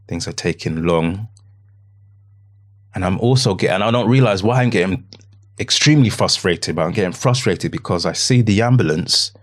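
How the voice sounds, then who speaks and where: Deep-voiced man telling a painful story. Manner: halting, repeats phrases, quotes his own words; often drops to a hushed, low voice. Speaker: podcast guest. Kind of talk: emotional personal account.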